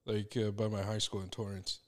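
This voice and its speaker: A man's voice: lowish voice, flat delivery, brisk. A young man co-hosting a podcast, telling a story in loose, rambling casual chat and laughing often. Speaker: podcast co-host.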